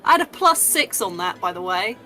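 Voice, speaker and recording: A woman's voice: medium pitch, sing-song, fairly quick, sharp tone, soft background music. A woman playing in a tabletop game, playful and joking with the group. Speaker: player. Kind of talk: casual tabletop play.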